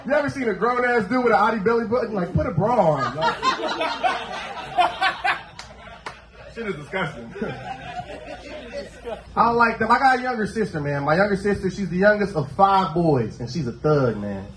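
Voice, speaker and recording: Lively high-voiced man telling stories. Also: moderate pace, pauses often, background noise. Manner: slangy, lively storytelling. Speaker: stand-up comic. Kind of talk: stand-up comedy set. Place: comedy club stage. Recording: roomy club sound.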